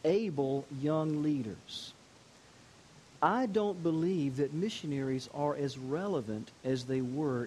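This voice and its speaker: An older male pastor delivers a sermon in a slightly high voice, moving from hushed, personal storytelling to slow, emphatic declarations. A faint hiss sits under the recording. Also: rough recording. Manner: storytelling preacher, shifting between quiet intimacy and emphatic declarations.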